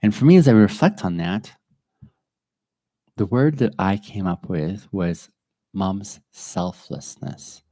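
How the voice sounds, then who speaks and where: Man, very low voice, earnest halting podcast host, emotional, dry close sound. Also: expressive, dark tone, no room sound. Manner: earnest, halting, with frequent restarts and pauses. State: emotional, near tears. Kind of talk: reflective personal monologue.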